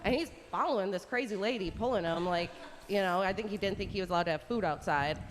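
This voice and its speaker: A woman's voice: medium pitch, a little hiss or hum. Chatty woman in an echoey space. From Southeast Wisconsin. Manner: lively, chatty, quick bursts. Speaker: guest caller on radio show. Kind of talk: casual storytelling. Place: resort hotel on location.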